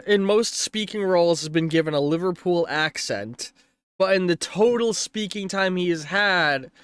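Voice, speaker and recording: A man's voice: a little high, clear, resonant tone, dry recording, clean studio sound. A man narrating as game master of a tabletop game on a stream, rambling and correcting himself as he goes.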